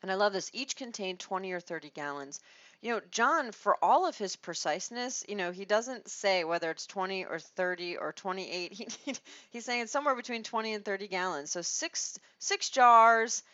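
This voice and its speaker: A woman teaching a Bible study in a conversational, expressive way, restarting her phrases as she thinks. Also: medium pitch, normal speed, no echo. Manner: expressive, acts out quoted lines, restarts phrases. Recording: dull lo-fi dry recording.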